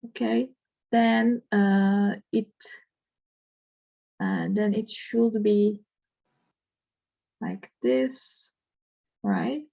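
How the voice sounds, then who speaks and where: A woman teaching a math lesson, working through an example step by step and thinking aloud with frequent pauses and fillers. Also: a little high, fairly even intonation, creaky, mellow, highs cut off. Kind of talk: slow worked-example lesson.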